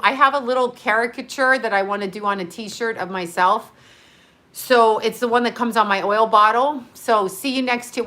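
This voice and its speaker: A middle-aged woman hosting a casual live stream, gushing and excitable, laughing often and breathing heavily. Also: on the high side. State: heavy breathing.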